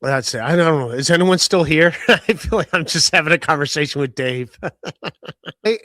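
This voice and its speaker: A man's voice: fairly high pitch, animated, moderate pace, sharp tone, no room sound. Rambling man telling stories, dry sound. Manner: rambling storytelling with many fillers and restarts. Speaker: podcast host. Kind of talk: casual podcast chat.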